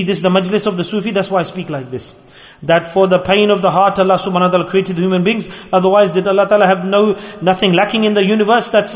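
A man's voice: sits high, a bit bright. Impassioned preacher man in reverberant hall. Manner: impassioned, rhetorical questions, dramatizes quoted speech. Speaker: Sufi preacher. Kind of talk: sermon.

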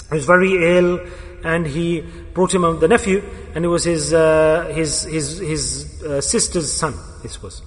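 A male preacher delivering a sermon, emphatic, repeating key words and putting questions to his listeners. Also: a little high. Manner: poses questions to the audience. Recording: echoey hall with long reverb.

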